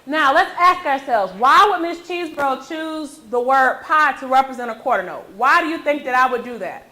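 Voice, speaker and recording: Bright-voiced woman teaching a music class. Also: high voice, lively intonation, normal speed, poor audio. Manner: encouraging, checks in with frequent "okay?". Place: school classroom.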